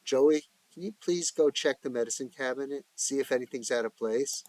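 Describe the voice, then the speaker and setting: A man voicing a middle-aged mother who speaks calmly, firmly and tenderly. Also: mid-range voice, normal speed, no room sound, pitched above the performer's own voice, natural voice. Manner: calm, firm and tender.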